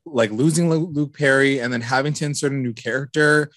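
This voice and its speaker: Casting: casual podcast co-host, mid-pitched, animated and swearing, dry close sound. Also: fairly quick, no echo. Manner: animated, swears freely, quotes characters in raised voice. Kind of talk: casual recap chat.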